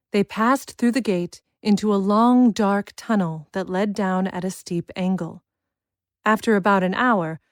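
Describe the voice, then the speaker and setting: A woman's voice: mid-range voice, no room sound. Woman narrating a storybook, dry and close. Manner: measured, expressive storytelling. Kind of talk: scripted audiobook narration.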